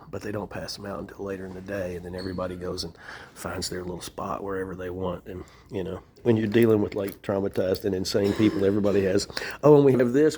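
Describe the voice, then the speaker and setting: A middle-aged vlogger sits on the floor of a shelter room, venting in a rambling, casual monologue full of profanity and wry laughs. His voice is fairly low and dark in tone, with a little hiss or hum in the recording.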